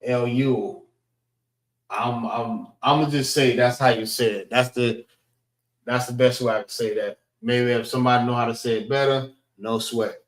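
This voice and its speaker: A man teaching a class, slowly sounding out letters and checking in with the group as he goes. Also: medium pitch, steady tone, far from the mic. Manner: slow and deliberate, sounding out letters, frequent "all right" checks. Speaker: class instructor. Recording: roomy echo.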